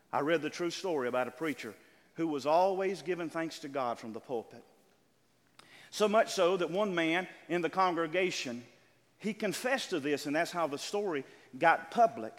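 An older male pastor delivering a sermon, his voice sitting a little high for a man. He calls out to the congregation and stretches key words slowly. The sound rings with a long reverb, as in a large church. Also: fairly bright tone. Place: church sanctuary.

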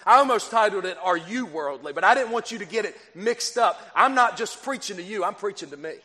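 A man delivers an earnest sermon, circling back over his phrases and restarting sentences as he works through a point. His voice sits high for a man. It rings out with a long reverb from the church hall. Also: expressive, fairly quick, bright, forceful tone. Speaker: preacher.

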